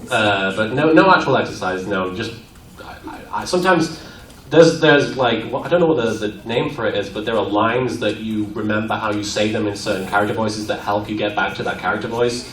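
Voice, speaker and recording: Playful guy at a con panel, voice jumps around a lot, taped from the back of the room. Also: lowish voice. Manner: animated and playful, laughs often. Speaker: voice actor answering fan questions. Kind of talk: convention Q&A panel. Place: convention room at a university. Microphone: audience camera from far off. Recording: echoey room, far off, crowd around.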